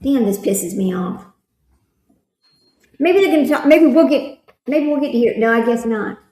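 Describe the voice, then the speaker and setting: A woman's voice: a little high, animated, unhurried, dark tone, echoey room, low-quality recording. A woman hosting a casual livestream, rambling and talking straight to her viewers. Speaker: livestream host.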